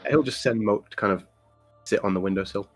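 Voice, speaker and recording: A man playing a tabletop game, quickly and plainly describing what his character does. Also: fairly low pitch, no echo, faint music behind. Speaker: player.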